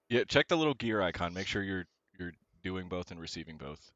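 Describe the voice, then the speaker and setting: A man with a deep, low voice runs a tabletop game over voice chat, pausing often with fillers and restarting his sentences. The sound is dry and slightly dull, like lo-fi online audio. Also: sing-song, a bit bright, dry recording. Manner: hesitant, many "uh"s and restarts. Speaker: game master.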